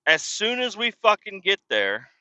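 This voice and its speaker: A man's voice: high-pitched, wildly swooping pitch, measured pace, bright, forceful tone, no room sound. A man hosting a podcast, telling a rambling, profane story about his day in casual talk. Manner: profane, rambling, swears constantly. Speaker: podcast host. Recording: dull lo-fi, dry.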